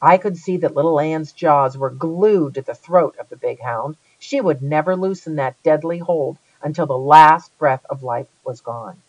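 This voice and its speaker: Give me a lively first-person audiobook reader with a dry, slightly dull studio sound. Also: medium pitch, normal speed, few pauses, dry recording. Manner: lively, dramatic reading. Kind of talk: first-person storybook narration.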